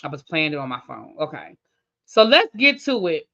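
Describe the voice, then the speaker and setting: With a low, sing-song voice at normal speed and a fairly bright tone, a woman hosts a TV review channel and chats through a casual recap. She repeats herself for emphasis and leans on Southern slang like "y'all" and "baby," all captured in a muffled recording.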